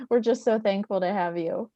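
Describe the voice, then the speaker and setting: A woman's voice: fairly high pitch, sing-song, unhurried, warm tone, no echo, faint music behind. A woman hosting a video call, effusive and laughing easily as she thanks and introduces guests. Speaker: host. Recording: dull, dry video-call audio.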